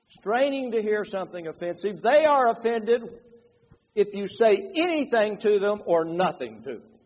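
Preacher, male, high and lively delivery, long hall reverb. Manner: animated, dramatizes quotes with shifting loudness. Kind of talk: sermon.

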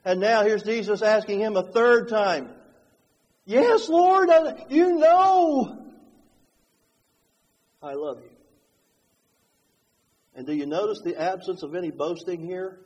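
A man preaching a sermon, moving between hushed, slow passages and fervent, rising ones. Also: high-pitched, highs cut off. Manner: dynamic, swings from hushed to fervent. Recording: long hall reverb.

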